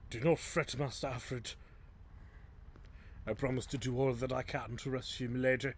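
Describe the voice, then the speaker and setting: A man's voice: medium pitch, fairly even intonation, normal speed, slight background noise, lightly acted. A man reading as a formal, devoted retainer. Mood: solemn. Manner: formal, courteous delivery. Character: formal loyal male retainer, devoted and polite. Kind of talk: reading game dialogue aloud.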